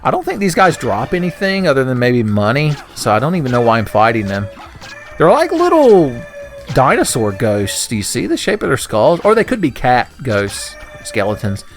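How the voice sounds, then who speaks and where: A man's voice: mid-range voice, wildly swooping pitch, moderate pace, soft background music. A man giving casual gameplay commentary, joking, swearing and laughing often. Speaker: let's play commentator.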